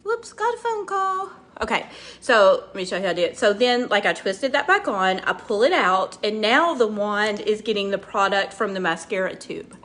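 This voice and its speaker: A woman's voice: mid-range voice, normal speed, fairly bright tone. Chatty woman doing a makeup tutorial. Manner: chatty, rambling, laughs easily, talks to viewers by name. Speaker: makeup vlogger. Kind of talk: casual makeup tutorial chat.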